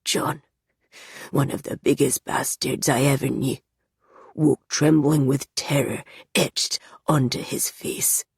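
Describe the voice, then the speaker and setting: A woman reading an audiobook, voicing a tormented young male captive in a low, raspy, monotonous half-whisper. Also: very slow, pauses often, no room sound, studio quality, heavily acted. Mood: haunted. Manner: monotonous, hushed. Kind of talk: audiobook character voice.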